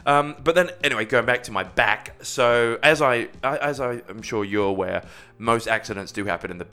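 A young man in casual podcast chat, telling an animated story and jumping into high voices for quotes. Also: normal speed, smooth.

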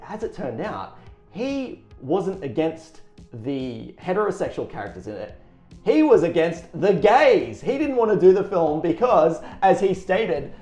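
A man's voice: high voice, a little mellow. A man chatting casually as a podcast co-host, joking and acting out the people in his stories. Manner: joking, acts out quoted voices. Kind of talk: casual chat. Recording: roomy echo, faint music.

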